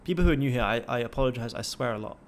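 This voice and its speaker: A man's voice: mid-range voice, animated, racing, a little hiss or hum. Profane, fired-up young man on a livestream. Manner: swears constantly, pumped-up and motivational. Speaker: livestream trading host. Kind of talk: casual livestream commentary.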